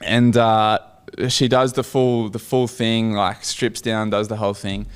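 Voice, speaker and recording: Animated Australian man telling a story. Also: fairly low pitch, unhurried, smooth. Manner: animated anecdote-telling, laughs often, acts out quoted voices. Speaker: guest. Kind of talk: casual storytelling chat.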